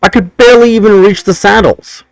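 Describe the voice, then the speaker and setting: A man's voice: high-pitched, a little fast, vocal fry, dry recording, poor audio. A man hosting a casual podcast chat, telling rambling stories about his childhood. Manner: animated, rambling storyteller. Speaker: podcast host.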